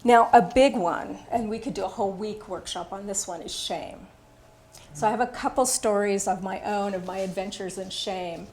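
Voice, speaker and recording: An older woman in her sixties teaches a workshop in a casual, unguarded way. Her voice sits at a middle pitch as she shares personal stories, pausing often on small fillers. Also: a little mellow, a little hiss or hum. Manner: candid, personal storytelling with fillers. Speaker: workshop instructor.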